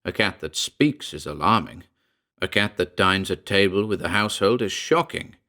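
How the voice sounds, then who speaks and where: A man voicing an old, dignified talking cat who is the narrator's father, speaking gravely and formally. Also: deep voice, animated, normal speed, sharp tone.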